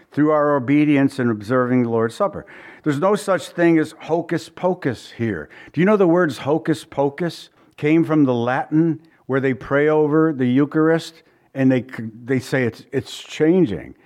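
Male pastor, mid-pitched, chatty sermon delivery with asides. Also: darkish tone. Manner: conversational preaching with asides and chuckles.

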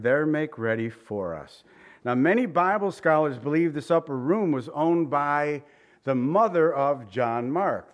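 A male pastor with a mid-range voice preaches an expository sermon, conversational and animated, often putting questions to his listeners.

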